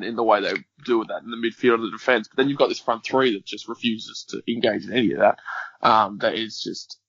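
A man's voice: medium pitch, a bit bright, dry recording. A man talking as a podcast guest, giving articulate, analytical football talk at length. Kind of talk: casual chat. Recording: dry, dull lo-fi sound.

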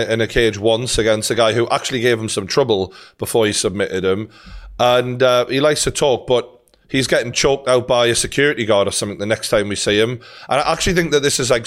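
Chatty Geordie man hosting a podcast. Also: medium pitch. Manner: chatty, swears, many fillers and restarts, calls listeners mate. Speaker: podcast host. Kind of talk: casual podcast chat.

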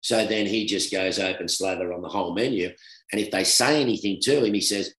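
A middle-aged man with an Australian accent, a former cricketer telling stories in a relaxed, animated chat with laughter. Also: fairly low pitch, normal speed. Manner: animated anecdote telling with laughter, swings between loud and hushed. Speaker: guest, former professional cricketer. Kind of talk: casual storytelling chat. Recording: roomy echo.

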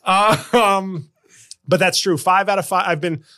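Bright high-voiced man riffing fast. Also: steady tone. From Haitian background. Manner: fast riffing, slips into loud put-on character voices. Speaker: comedian podcast host. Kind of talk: casual comedic chat.

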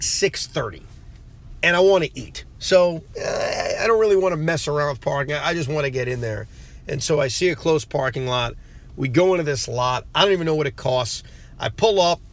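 A man with a fairly high voice talks through a casual solo sports podcast. He rants in an animated, exasperated way about his trip. He records from a parked car. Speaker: podcast host. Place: parked car near a rental return.

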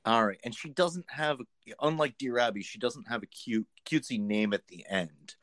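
A man's voice: mid-range voice, moderate pace, a bit bright, no room sound. A man co-hosting a casual podcast chat, full of dry, sarcastic asides. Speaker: podcast co-host.

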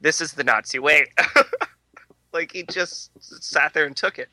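A young man with a very bright, ringing voice, joking through a movie discussion on a podcast. He riffs with crude humor and breaks into laughter often. The sound is close and dry. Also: a little high, unhurried, no room sound. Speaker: podcast co-host. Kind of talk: casual movie commentary podcast.

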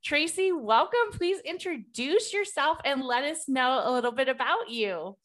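A woman's voice: high voice, lively intonation, moderate pace, a bit bright. A woman hosting a podcast, introducing her guest before the interview. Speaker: podcast host.

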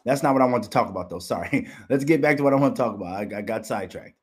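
A man hosts his own commentary show and rants furiously over video clips. He swears constantly and talks with an aggressive edge. His voice sits at an ordinary middle pitch. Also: very fast. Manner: aggressive, profane, ranting. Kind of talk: profane rant commentary.

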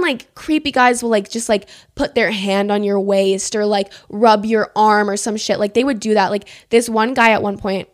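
A young woman telling a storytime on camera, chatty and indignant, peppering every sentence with "like" and swearing freely. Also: medium pitch. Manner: emphatic, indignant retelling. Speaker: storyteller vlogger. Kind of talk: casual storytime monologue. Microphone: camera mic.

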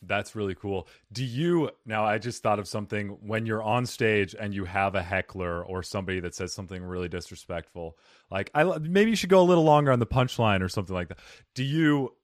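Man, podcast host, low voice, lively intonation, dry close sound. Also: fairly quick, no echo. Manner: upbeat, rambling, laughs a lot. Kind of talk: casual podcast chat.

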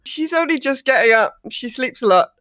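A woman playing a tabletop game, describing her sleepy character in a relaxed, drawling way. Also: sits high, moderate pace, dry recording, studio quality. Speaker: player.

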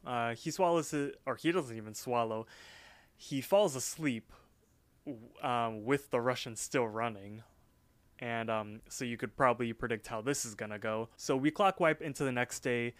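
Dude co-hosting a podcast, rambly with lots of ums, dry close sound. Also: male voice, mid-range voice, normal speed, no echo. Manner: rambling, filler-heavy narration. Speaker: podcast co-host. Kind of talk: casual chat.

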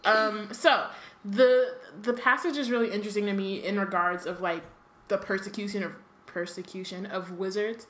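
A woman's voice: medium pitch, fairly even intonation, moderate pace, a bit bright. A woman hosting a casual discussion podcast, rambling with lots of fillers and trailing thoughts. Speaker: podcast host leading discussion. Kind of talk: casual chat. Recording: roomy echo.

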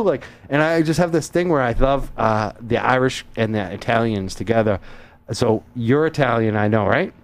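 A man's voice: mid-range voice, moderate pace. A man hosting a radio show from the studio, teasing his co-hosts and guests in rambling casual banter, laughing often. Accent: Boston.

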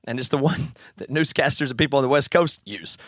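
A man's voice: medium pitch, fairly quick, fairly bright tone, no room sound, studio quality. A man with a South Carolina Southern accent, ranting in casual chat on a podcast. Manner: opinionated, ranting. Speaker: podcast guest.

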